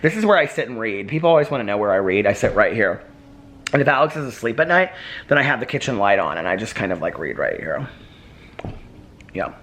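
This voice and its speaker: A man's voice: fairly low pitch, sing-song, quick pace, fairly bright tone. Giggly, chatty man vlogging from home. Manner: giggly, chatty, coos at his dogs. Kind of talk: casual daily vlog chat.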